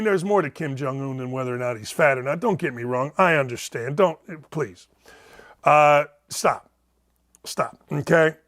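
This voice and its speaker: A man's voice: a little high, big pitch swings, measured pace, a bit bright. A man hosting a sports talk show, delivering a blunt, sarcastic, ranting monologue.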